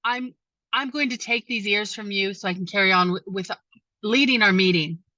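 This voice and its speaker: A stern male hawk speaks with commanding firmness, voiced by a woman storyteller. The voice is bright and close, with no room sound. The recording is dull and lo-fi. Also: medium pitch, normal speed, no echo, lightly acted. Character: stern male hawk leading an animal council.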